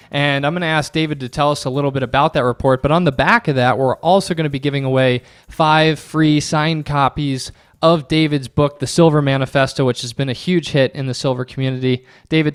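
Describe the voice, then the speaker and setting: A man hosting a podcast interview, asking questions in a friendly, clearly paced way. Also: fairly high pitch, dry recording. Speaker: podcast host.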